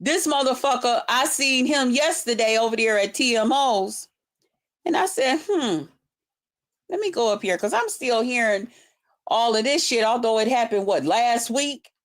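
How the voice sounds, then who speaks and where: Woman, high-pitched, vlog rant, confrontational, heavy swearing, repetitive emphasis. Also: animated, normal speed. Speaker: vlogger. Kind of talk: casual ranting monologue.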